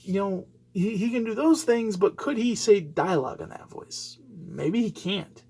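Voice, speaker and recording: A man's voice: high voice, vocal fry, darkish tone, breathy edge. A man hosting a solo podcast, giving rambling, opinionated commentary full of fillers and restarts. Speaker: podcast host.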